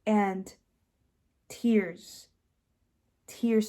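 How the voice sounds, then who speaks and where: Mellow-voiced young woman sharing her faith story. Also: mid-range voice, fairly even intonation, normal speed, pauses often. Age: young adult. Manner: earnest, filler-heavy with frequent restarts. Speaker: host sharing her testimony. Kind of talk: personal testimony, casual storytelling.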